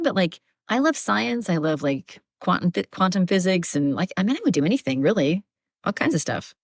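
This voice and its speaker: A woman's voice: mid-range voice, dry recording, studio quality. A woman audiobook narrator and actress, a guest chatting animatedly with many fillers. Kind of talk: casual interview chat. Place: Southeast Texas.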